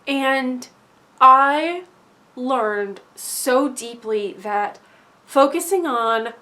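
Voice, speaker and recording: A woman with a slightly high voice talks straight to her viewers in a casual story-time monologue. She rambles, leans on fillers, and keeps checking in with quick tag questions. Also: lively intonation, bright, forceful tone. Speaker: vlogger.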